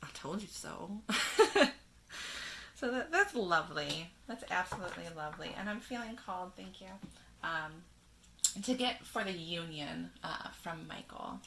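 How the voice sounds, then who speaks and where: A woman giving a spiritual tarot reading in a gentle manner, reading card verses aloud and laughing softly now and then. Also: on the low side, expressive, normal speed, gravelly, background noise. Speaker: tarot reader.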